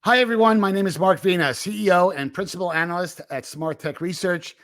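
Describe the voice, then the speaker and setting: A man hosting a tech podcast in casual chat, talking in an animated way with lots of fillers and restarts. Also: high voice, fairly quick, no room sound, soft background music. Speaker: podcast host and tech analyst. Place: remote recording.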